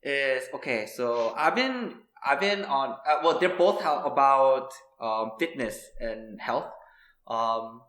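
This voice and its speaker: A young man in his twenties chats on a podcast in a rambling, filler-heavy way and laughs easily. His voice sits at a middle pitch. The sound bounces around an echoey room. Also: expressive, slow pace, fairly bright tone. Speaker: podcast co-host. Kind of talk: casual chat.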